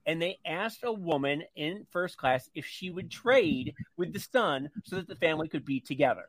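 A man with a fairly high voice tells a story on a radio talk show. He moves through it with animation and puts on the voices of everyone involved. The sound is close and dry, with no room around it. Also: normal speed, dry recording. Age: older. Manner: animated storyteller who acts out the voices in his anecdotes.

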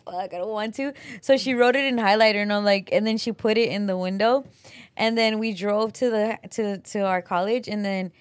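A woman's voice: on the high side, no echo. Chatty woman with a dry close sound. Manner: chatty, swears casually. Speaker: podcast co-host. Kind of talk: casual chat.

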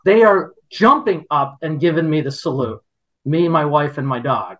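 Guesting on a podcast, this middle-aged man rambles through an indignant anecdote full of restarts. He talks at a normal speed in a fairly high, slightly bright voice, and the dull lo-fi audio suits the casual storytelling.

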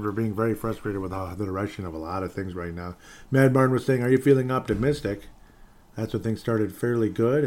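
A man hosting his own sports podcast in a slightly low voice, reading out fan messages between runs of sarcastic, repetitive ranting. He talks off the cuff and keeps coming back to the same few lines. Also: a little mellow. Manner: ranting, sarcastic, repeats phrases. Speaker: podcast host.

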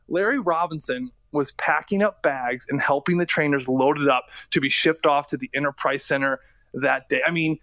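A man co-hosting a sports radio show, chatting casually and telling stories with animated, stammering restarts. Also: fairly high pitch, normal speed, dry recording. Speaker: radio co-host and former hockey player.

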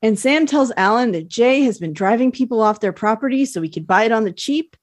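A woman's voice: a little high, lively intonation, brisk, dry recording. Woman, podcast co-host, enthusiastic, casual recap, dry sound. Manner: chatty, enthusiastic, laughs easily.

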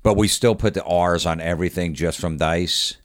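A man from Florida, guesting on a podcast, tells stories casually at normal speed in a low voice, bringing quoted characters to life by acting out their voices. The sound is studio quality, free of echo.

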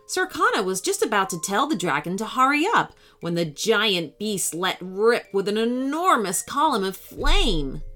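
A woman narrating a scripted children's story in an expressive, animated storytelling manner. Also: fairly high pitch.

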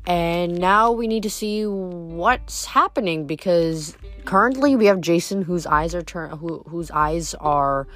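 Woman reading a novel aloud, slightly low voice. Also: a bit bright, faint music behind. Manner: unhurried, with small slips and restarts. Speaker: reader.

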